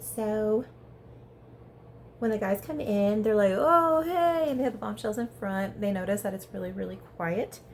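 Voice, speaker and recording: A woman giving a casual, chatty recap of a reality show episode, talking fast and peppering her speech with "like". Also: medium pitch, gravelly, a little hiss or hum. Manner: chatty, animated, heavy use of "like". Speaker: reality TV reviewer.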